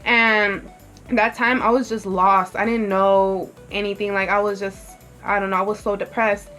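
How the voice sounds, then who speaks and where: A woman's voice: mid-range voice, level tone, moderate pace, a bit bright, soft background music. A young woman vlogger telling her story in a rambling, candid way, filling her talk with "like" and swearing freely. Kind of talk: casual get-ready-with-me storytelling.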